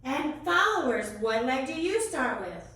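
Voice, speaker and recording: A woman teaching children a dance lesson, calling out steps and counting in an encouraging, bright way. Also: sits high, sing-song, a little slow. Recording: echoey room from a distance.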